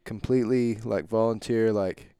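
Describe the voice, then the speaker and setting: A man hosting a casual interview, asking quick clarifying questions. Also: lowish voice, fairly even intonation, dark tone, clear, resonant tone, no room sound, clean studio sound. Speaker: host.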